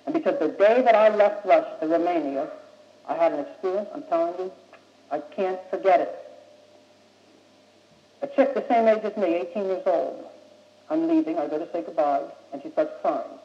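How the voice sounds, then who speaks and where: Young American man, high voice, blunt and insistent talker; old muffled tape in an echoey room. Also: moderate pace, long pauses. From United States. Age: young adult. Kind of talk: impassioned speech.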